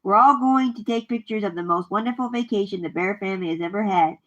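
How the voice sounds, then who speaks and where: A woman doing a brisk, cheerful bear dad. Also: mid-range voice, fairly bright tone, dull audio, natural voice. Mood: eager. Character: cheerful bear father, eager family man. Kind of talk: reading a children's storybook aloud.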